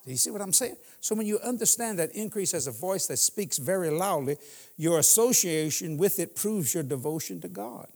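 A man's voice: high voice, lively intonation, moderate pace, gravelly, darkish tone, long reverb tail. A man in his sixties preaching as a guest in a church, telling humorous stories and laughing often. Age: 60s. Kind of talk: sermon.

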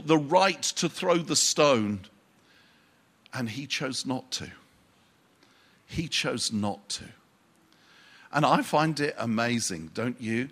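A man preaching a sermon, unhurried and pausing for emphasis, with dry asides. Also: mid-range voice, a bit bright.

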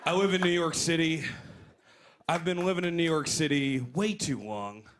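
A man in his twenties doing a stand-up set, animated and jumping into loud put-on voices. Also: fairly high pitch, moderate pace. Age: 20s. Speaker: stand-up comedian. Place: comedy club stage. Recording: live club recording with crowd laughter. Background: audience laughing.

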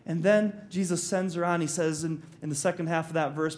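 A man's voice: a little high, fairly even intonation, brisk, hardly any pauses, a little mellow. A male pastor preaching a sermon, telling the story animatedly, acting out quotes and slipping in jokes.

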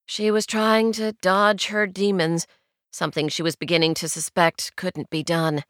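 Smooth, low-voiced woman narrating a novel. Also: little pitch movement, a little slow, fairly bright tone, no echo, studio quality. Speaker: audiobook narrator. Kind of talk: scripted narration.

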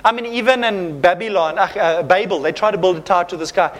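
A man's voice: sits high, fast talker, slight background noise. A man preaching a sermon as pastor, reading scripture and acting out playful little voices.

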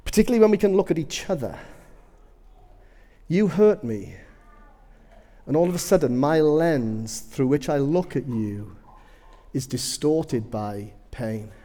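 A man's voice: fairly high pitch, unhurried, pauses often. Guy preaching, bouncy voice that swings all over, echoey hall, jokey stories. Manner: animated, humorous storytelling, self-deprecating asides. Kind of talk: sermon with personal stories.

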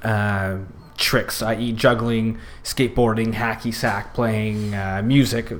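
Slow and flat, a fairly low male voice belongs to a youth circus worker guesting on a podcast. He chats casually and rambles, full of fillers and restarts.

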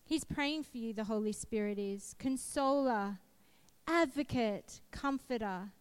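A woman's voice: on the high side, unhurried, clear, resonant tone. A woman, preaching a sermon and telling a personal testimony in an earnest, emphatic way.

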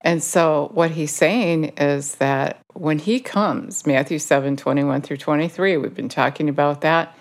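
A woman with a notably low voice gives an informal sermon. She talks in a conversational way, stopping to correct herself mid-verse. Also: a little slow, hardly any pauses. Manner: conversational, self-correcting while quoting scripture. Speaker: Bible teacher.

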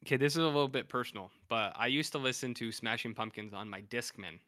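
A man's voice: mid-range voice, quick pace, pushed and bright, no echo, studio quality. A man co-hosting a podcast in casual chat, animatedly retelling episodes and acting out what characters say. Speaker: podcast co-host.

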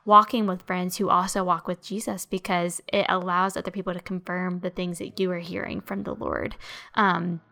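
A woman's voice: fairly low pitch, little pitch movement, normal speed, vocal fry, sharp tone. A woman hosting a casual faith conversation, affirming and encouraging toward her guest. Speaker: host.

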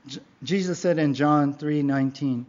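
Emphatic preaching man, dull lo-fi sound. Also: normal speed. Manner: emphatic preaching, frequent rhetorical "right?" and "yeah?"; swings between loud exhortation and quiet low asides. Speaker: pastor. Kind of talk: sermon. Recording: dull lo-fi recording.

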